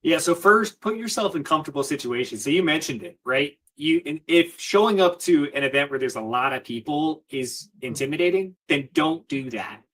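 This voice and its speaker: Man, slightly higher voice, confident coach, repeats key points. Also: animated, normal speed, few pauses, fairly bright tone. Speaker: guest. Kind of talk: interview answers, advice.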